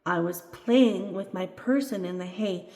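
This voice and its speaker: A woman voicing a little girl deer spirit doll, cheerful and high, in a storybook reading. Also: unhurried, vocal fry, mellow. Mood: explaining. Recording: echoey room with long reverb.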